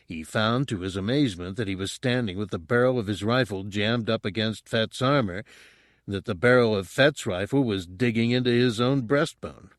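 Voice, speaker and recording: A man narrates an audiobook in a steady storytelling read. His voice is fairly low. The recording is dry and close, with no room sound. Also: normal speed, no echo. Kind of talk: scripted narration.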